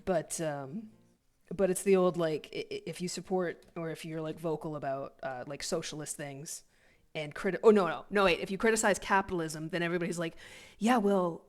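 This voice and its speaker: A woman's voice: low voice, fairly even intonation, brisk, faint music behind. A woman from Canada chatting casually on a livestream while drawing, rambling with many restarts and sounding sleepy. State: sleepy, yawning. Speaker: artist streaming a commission.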